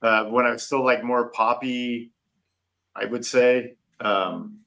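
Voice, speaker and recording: A man on a casual podcast with a bright, tense voice. He speaks in halting bursts, restarting his sentences and dropping in casual swears. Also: medium pitch, fairly even intonation, rough recording. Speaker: podcast co-host. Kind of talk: casual chat.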